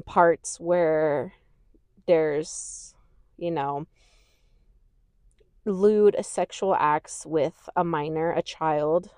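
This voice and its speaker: A woman's voice: sits low, no echo. A woman hosting a casual podcast, chatty and rambling, swearing freely and laughing easily as she gushes. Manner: laughs easily, gushing and animated. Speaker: podcast host. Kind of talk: casual chat.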